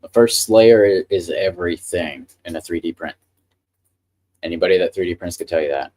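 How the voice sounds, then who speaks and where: A man's voice: sits low, moderate pace, darkish tone. A man hosting a casual live stream, chatting with enthusiasm about the printer he is handling. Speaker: livestream host.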